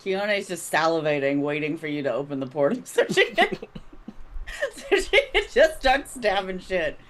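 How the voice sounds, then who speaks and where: A woman's voice: lowish voice, big pitch swings, normal speed, slight background noise. A woman playing a tabletop game, casual and playful, often laughing. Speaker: player.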